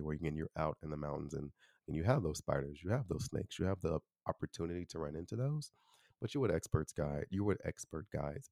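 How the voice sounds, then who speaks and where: A young man from Chicago hosts a casual solo podcast in a deep, low voice. He talks quickly and loosely, filling his sentences with easygoing asides. The recording is close and dry, with no room echo. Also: vocal fry, a little mellow. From Chicago, USA. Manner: chatty, loose, full of "you know" and "like". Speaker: podcast host.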